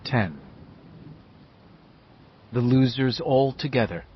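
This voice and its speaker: A man reading a novel aloud as scripted narration, telling the story in a measured, lively way. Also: mid-range voice, highs cut off, slight background noise. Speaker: audiobook narrator.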